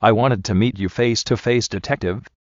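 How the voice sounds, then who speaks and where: A man voicing a smooth, menacing male motivational speaker who talks in a slow, persuasive, coaxing way. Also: on the low side, darkish tone, dry recording, dull audio, natural voice.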